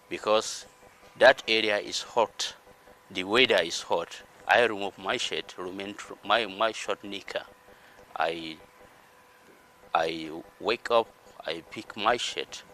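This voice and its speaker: A man with a Nigerian accent gives a personal testimony in a low, forceful voice with a bright, tense edge. He tells it earnestly and plainly, one step after another, with a faint hiss of noise behind him. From northern Nigeria. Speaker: interviewee.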